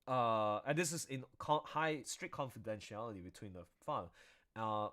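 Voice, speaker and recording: A man talks casually while he draws on a live stream, rambling from one thought to the next. His pitch swings widely as he reacts, and the chat stays loose and animated throughout. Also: normal speed. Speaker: artist streaming while drawing.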